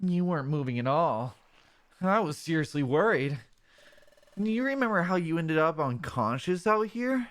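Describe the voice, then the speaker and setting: Man voicing earnest young Mudkip, high, lively, slow. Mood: worried. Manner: raised, earnest storybook voice. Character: friendly young male Mudkip partner, earnest.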